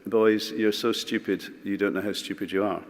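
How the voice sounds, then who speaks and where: A man quoting a stern, scornful maths teacher from his school days, his voice slow and mocking. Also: lowish voice, fairly even intonation, natural voice. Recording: echoey large hall.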